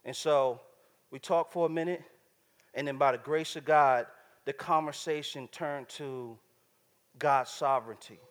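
A man's voice: a little high, fairly even intonation, measured pace, in a large hall. A man preaching a sermon in a casual, slangy, conversational way, often checking in with the crowd.

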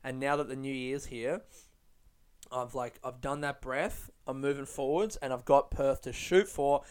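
A man's voice: mid-range voice, a little slow, clear, resonant tone. A young adult man, a stand-up comedian, talking in a casual reflective vlog style, rambling with lots of "like", restarts and casual swearing.

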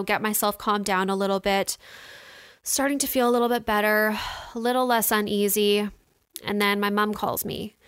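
Young woman rambling to her viewers, smooth voice, kinda emotional, throat going sore. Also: mid-range voice, a bit bright, dry recording, studio quality. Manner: chatty, many "like" and "you know" fillers. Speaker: vlogger. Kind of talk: casual storytelling to viewers.

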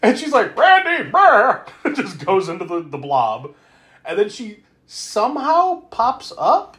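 A man's voice: high voice, big pitch swings, a little slow, a bit bright. A man co-hosting a podcast, recapping a movie in casual chat, laughing often, swearing freely and acting out the characters' lines. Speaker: podcast co-host.

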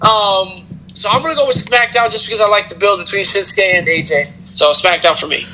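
A man's voice: high-pitched, fairly quick, sharp tone, a little hiss or hum, low-quality recording. A man hosting a podcast, giving a rambling, casual recap with lots of fillers and chuckling asides. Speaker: podcast host. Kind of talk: casual wrestling recap chat.

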